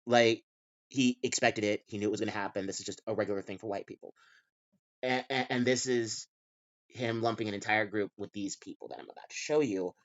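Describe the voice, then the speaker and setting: A man's voice: fairly low pitch, steady tone, a little fast, dry recording. Exasperated man with a dull lo-fi mic. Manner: exasperated, repetitive restarts. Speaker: commentary channel host. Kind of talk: reaction commentary.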